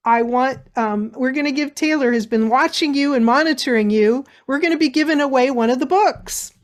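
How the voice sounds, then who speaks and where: A middle-aged woman giving a motivational webinar talk, telling a story in an animated way. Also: a little high. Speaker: speaker.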